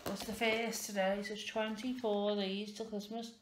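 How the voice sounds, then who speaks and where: A woman's voice: mid-range voice, little pitch movement, moderate pace. Woman, thirties, casual vlog chat, rambling, self-mocking, echoey room, noisy background. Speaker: vlogger. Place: indoors at home, wrapping presents.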